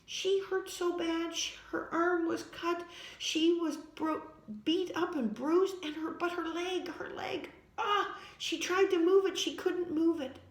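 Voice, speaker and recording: A woman reading a children's story aloud with dramatic, expressive delivery. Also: very high-pitched, slow pace. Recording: echoey room.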